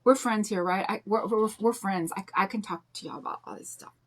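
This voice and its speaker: A woman's voice: medium pitch, fairly quick. A woman in her fifties chatting in a rambling, confiding way while she paints, telling a personal story. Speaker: craft vlogger. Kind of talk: casual chat while painting.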